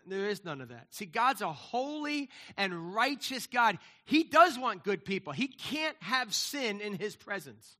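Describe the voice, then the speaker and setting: With a high-pitched, pushed and bright voice, this middle-aged pastor preaches in a very animated yet unhurried way. His conversational sermon is full of repeated words, restarts, and the question "right?"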